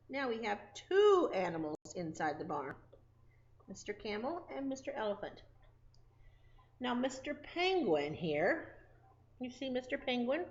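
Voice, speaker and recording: A woman preschool teacher leads a circle time lesson. She talks slowly and sing-song to small children. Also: a little high, vocal fry, highs cut off.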